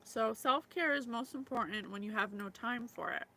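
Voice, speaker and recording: Emotional psychic woman, slightly high voice. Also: normal speed, bright, forceful tone, low-quality recording. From former Yugoslavia. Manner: emotional, laughs and tears up, many fillers. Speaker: psychic reading host. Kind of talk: casual spiritual reading talk.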